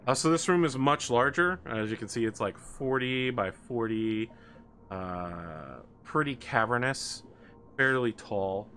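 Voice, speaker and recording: A man narrating as game master in a casual, hesitant way, filling pauses with "uh". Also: medium pitch, expressive, sharp tone, a little hiss or hum. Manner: conversational with many "uh"s.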